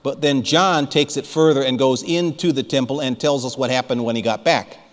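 A man preaching a fiery sermon as pastor, rising to shouts and calling for amens. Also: mid-range voice, fairly even intonation, normal speed. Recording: long hall reverb.

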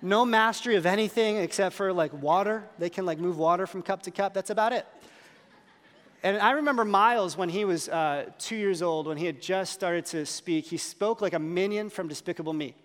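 In a church hall sermon, this thirtysomething pastor pokes fun at himself through funny tales of his small kids, shifting his voice animatedly. He speaks fairly quickly in a high register, and the big room leaves a long reverb.

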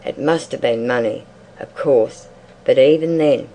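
A reader narrating a literary short story in a measured, even audiobook style. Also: medium pitch, a little hiss or hum, rough recording.

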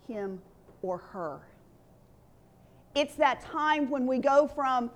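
A woman's voice: high voice, slow, long pauses. A woman pastor preaching a sermon in an earnest, conversational way, leading the congregation in call-and-response.

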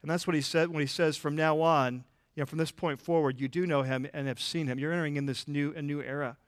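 A man preaching a sermon in a church, conversational and animated, with frequent restarts and filler words. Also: fairly high pitch, fast talker, no room sound, clean studio sound. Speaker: pastor.

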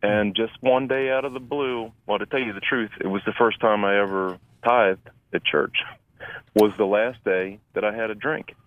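A man in his fifties with a very low, deep voice speaks earnestly and plainly. The line is thin and tinny, like a phone call, and the sound is dry and close. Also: steady tone, moderate pace, no room sound. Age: 50s. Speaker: guest volunteer. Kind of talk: radio interview.

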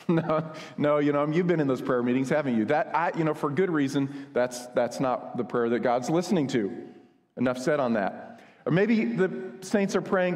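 A man's voice: mid-range voice, normal speed, a little mellow. A man from the United States preaching a sermon, earnest and conversational, with asides and humor. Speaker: pastor. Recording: long hall reverb.

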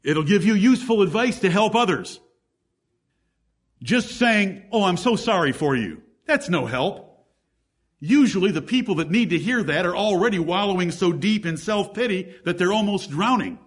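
A man's voice: sits high, animated, normal speed, slightly rough. A man preaching a sermon as pastor, emphatic, with rhetorical questions and lists of scripture examples.

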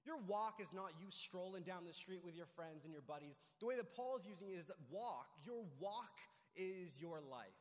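A young adult man preaching a casual sermon, telling personal stories with lots of "like" and "right?". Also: on the high side. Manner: casual, storytelling, frequent "like" and "right?". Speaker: pastor. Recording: long hall reverb.

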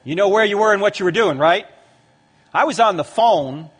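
A man in his fifties giving a lively talk to a live audience in a large hall, acting out the voices in his stories. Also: high-pitched, normal speed, breathy edge. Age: 50s. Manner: lively storyteller who acts out quoted voices. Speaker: Christian apologetics speaker. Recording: long hall reverb.

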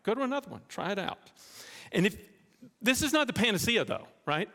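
A man's voice: high-pitched, a little fast. A man preaching a sermon as pastor, telling stories and making direct appeals to the congregation. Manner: animated storytelling, direct appeals. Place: church. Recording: echoey church hall.

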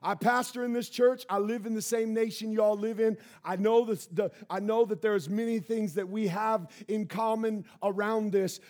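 A man preaching a sermon as pastor of his church, building to shouted emphasis. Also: high-pitched. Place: church sanctuary.

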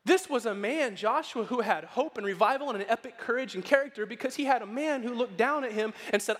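A man preaching a sermon as pastor, animated and playful, acting out quoted voices as he goes. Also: extremely high pitch, fairly quick, few pauses. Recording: long hall reverb.

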